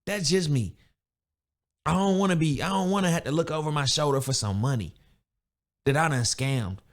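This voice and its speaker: A young adult man hosting a podcast, ranting bluntly in street slang with casual, animated delivery. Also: medium pitch. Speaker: podcast host. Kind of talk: casual motivational rant.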